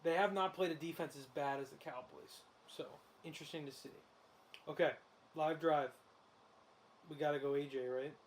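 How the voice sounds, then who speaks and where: Excitable man hosting a betting show. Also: fairly high pitch, moderate pace, slight background noise. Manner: excitable, laughs often. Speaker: host. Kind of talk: casual sports betting commentary while watching a game.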